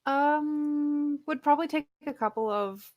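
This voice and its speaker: A woman's voice: sits high, a little slow, no room sound, lo-fi sound. A woman running a tabletop game as game master, chatty and laughing often, with plenty of ums.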